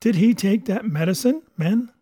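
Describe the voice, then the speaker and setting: A man doing a brisk, scolding gentleman doctor. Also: sits high, no echo, studio quality, pitched above the performer's own voice. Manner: crisp, educated, dryly scolding. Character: brisk, fearless male ship's doctor, gentleman.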